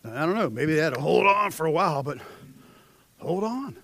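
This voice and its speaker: A man's voice: a little high, lively intonation, quick pace, dry recording. Fervent young man preaching a sermon. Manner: swings between hushed intensity and loud, rising exhortation.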